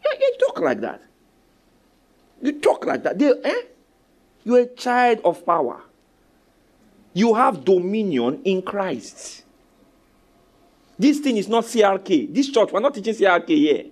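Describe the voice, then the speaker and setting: Speaking a little slowly and leaving long pauses, a male pastor with a Nigerian accent preaches with authority and energy. He swings between loud exhortation, low side remarks and call-and-response with his listeners.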